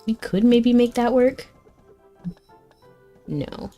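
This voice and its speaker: Speaking extremely slowly in a high-ish voice with a dark tone, a young woman streams a fantasy game as faint music plays. She's chatty, uses "like" as constant filler, and reacts openly to what happens in the story.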